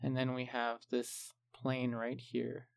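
A man calmly explaining each step of a painting tutorial, unhurried and methodical. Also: medium pitch, gravelly, no room sound. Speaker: art instructor.

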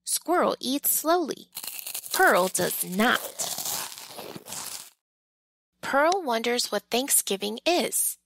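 A woman reading a children's story aloud, slow and unhurried, her voice rising and falling expressively. Her tone is fairly high and gentle. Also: big pitch swings, creaky, background noise. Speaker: storybook reader.

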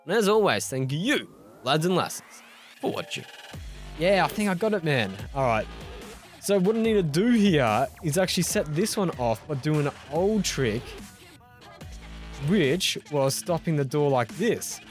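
An Australian man chatting through a game session with a lively voice that swings up and down. He pokes fun at his own mistakes and swears mildly. Faint game music plays behind him. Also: a little high, unhurried. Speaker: gaming YouTuber. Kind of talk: casual let's-play commentary.

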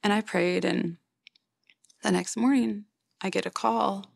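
A woman in her forties, a mother giving a halting, plain-spoken personal account in a documentary interview, with many fillers and restarts. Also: medium pitch, steady tone, creaky, dry recording, clean studio sound.

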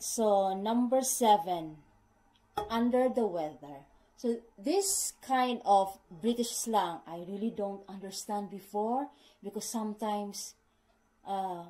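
A middle-aged woman vlogger teaches British slang to viewers, speaking casually and slowly in a warm, medium-pitched voice with non-native English phrasing. She patiently repeats herself and addresses them as "guys"; the recording is rough.

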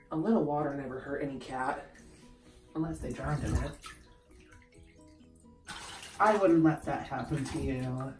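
A young man vlogging at home, talking to camera in an excitable way, laughing and yelping as he goes. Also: medium pitch, measured pace, long pauses, soft background music. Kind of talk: casual chat to camera. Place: bathroom at home. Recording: echoey bathroom.

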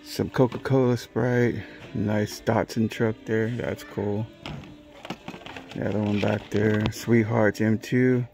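This diecast vlogger from California ambles around a hobby store, grumbling easygoing reactions and griping about what things cost. His voice is lowish, flat, slow and gravelly, set against background music.

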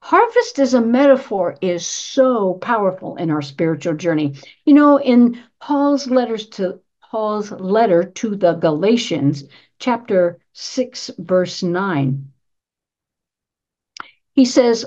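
A woman's voice: mid-range voice, very animated, takes it slowly, a little mellow, muffled recording. A woman minister giving a sermon in a conversational style, asking rhetorical questions and repeating her key phrases for emphasis. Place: church sanctuary.

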